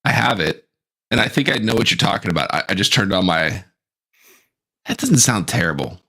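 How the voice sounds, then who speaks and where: A man's voice: low-pitched, expressive, brisk, creaky, pushed and bright, breathy edge. A man co-hosting a podcast, chatting casually and teasing his co-host over a home mic. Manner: jokey, teasing. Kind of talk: casual chat. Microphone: home microphone over a call.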